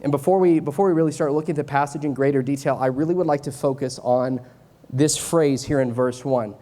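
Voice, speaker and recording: A man's voice: mid-range voice, fairly even intonation, a little fast, warm tone. A man in his late twenties, a youth pastor giving a conversational sermon, repeating key lines for emphasis and adding joking asides. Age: 20s. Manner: joking asides, drops into a mock Southern voice for church sayings.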